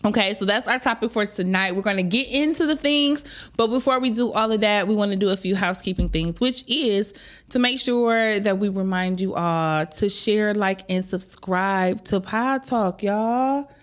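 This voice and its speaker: A woman hosting a live podcast, talking in a chatty, drawn-out, conversational way. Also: medium pitch. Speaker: podcast host. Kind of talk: casual live-show chat.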